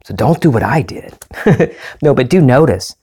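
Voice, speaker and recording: A man's voice: mid-range voice, expressive, moderate pace, warm tone, husky. Male self-help talker, mid-range voice, confessional and rambling, frequent restarts. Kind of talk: candid personal monologue.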